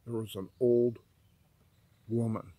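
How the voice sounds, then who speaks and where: A man's voice: medium pitch, steady tone, slow pace, warm tone, no echo. A man earnestly recounting a prophetic dream in vivid detail, ending in an urgent, preaching warning. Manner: vivid storytelling with many repetitions. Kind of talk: earnest spoken testimony.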